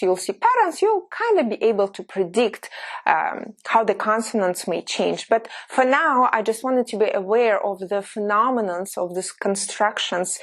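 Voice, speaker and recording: A woman with a Russian accent, a native Russian speaker teaching an online language lesson, patiently explaining and slowly modeling words. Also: mid-range voice.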